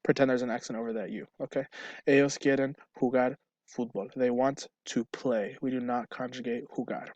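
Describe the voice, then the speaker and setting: Male teacher, mid pitch, explains patiently, dry room sound. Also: level tone, brisk, darkish tone, no echo, dull audio. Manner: explains step by step, checks with "right?". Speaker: Spanish teacher. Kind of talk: recorded online lesson.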